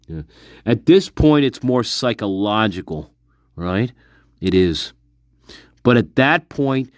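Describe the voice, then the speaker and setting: A man's voice: mid-range voice, no room sound, clean studio sound. A man talking to his viewers in a casual monologue, speculating intensely, repeating himself and swearing often. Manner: intense, repetitive, profane speculation. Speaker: online commentator.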